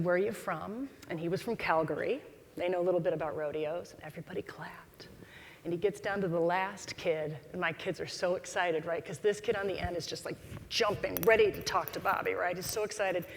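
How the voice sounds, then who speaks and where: A woman's voice: lowish voice, a little fast, a little hiss or hum. A woman speaker telling stories to a live audience, acting out the voices of the people she quotes. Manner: animated storyteller, acts out quoted voices. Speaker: keynote speaker. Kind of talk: storytelling talk to a live audience. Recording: long hall reverb.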